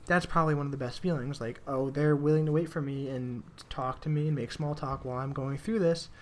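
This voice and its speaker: A man's voice: mid-range voice, fairly even intonation, brisk. A young man telling rambling work stories in casual commentary over a video game, with restarts and the odd swear. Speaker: gaming commentator.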